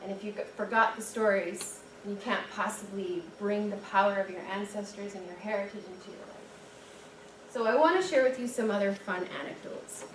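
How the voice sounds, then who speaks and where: A young woman giving a chatty, animated storytelling talk at a dinner event, full of "like"s and restarts. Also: medium pitch, brisk. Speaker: guest speaker and storyteller. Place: dinner event room, indoors. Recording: echoey room, distant mic, background noise.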